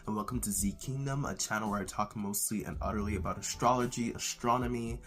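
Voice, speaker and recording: A young man from the Bahamas with a Bahamian accent and a raspy voice, hosting his own channel in a relaxed, casual way with many fillers. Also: fairly low pitch, fast talker, soft background music. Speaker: channel host. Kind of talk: casual vlog monologue.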